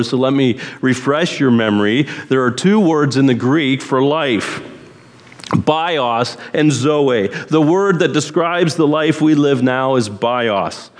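A man preaching a sermon at a very slow, deliberate pace, leaning hard on key words. His voice sits in a middle pitch, and a long reverb from a large hall follows each phrase. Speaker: pastor.

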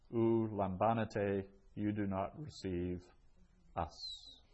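A man's voice: on the low side, fairly even intonation, a little slow, a little mellow, highs cut off. A man teaching a language lesson, patiently repeating each phrase and explaining it step by step. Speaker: Greek teacher. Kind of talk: classroom lesson.

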